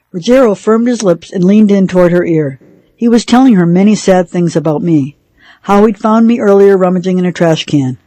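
A woman reading a novel aloud for a radio reading service, in a measured storytelling manner. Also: lowish voice, dark tone, no echo, poor audio. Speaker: radio reader.

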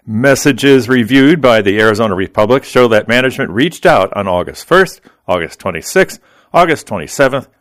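A man's voice: medium pitch, normal speed. Man reading the newspaper aloud on radio. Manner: steady, plain read-aloud delivery. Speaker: radio reading service volunteer reader. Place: Arizona.

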